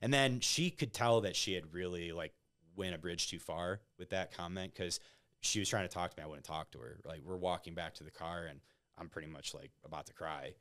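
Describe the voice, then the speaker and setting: A low-pitched man recounts personal stories as a podcast guest in a loose, chatty way. His voice is smooth and resonant, and he keeps checking in with "right?" as he talks. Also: fairly quick, fairly bright tone. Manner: conversational, peppers stories with "like" and "right?". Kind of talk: casual interview storytelling.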